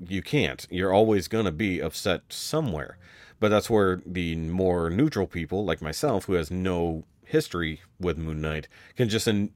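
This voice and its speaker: A man's voice: sits low, dry recording. A man co-hosting a podcast in casual chat, rambling and swearing with many restarts. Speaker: podcast co-host.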